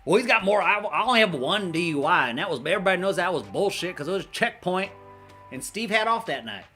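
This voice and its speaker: A man's voice: high-pitched, big pitch swings, quick pace, pushed and bright, faint music behind, voice pushed up, heavily acted. A man putting on a twangy, defensive country drinker. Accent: Southern US country. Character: defensive rural man excusing his drinking.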